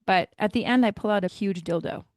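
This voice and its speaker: A middle-aged woman co-hosting a podcast, telling stories in a lively way and laughing often. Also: medium pitch, brisk, no room sound, clean studio sound. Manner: animated storyteller, laughs often. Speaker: podcast co-host. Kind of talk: casual chat.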